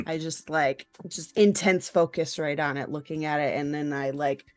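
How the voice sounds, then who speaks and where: A woman with a very low voice plays a tabletop game and talks in a defensive, rambling way. The recording is dry and close, with faint music behind her. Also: steady tone, unhurried, darkish tone, no echo. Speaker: player. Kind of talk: in-character role-play.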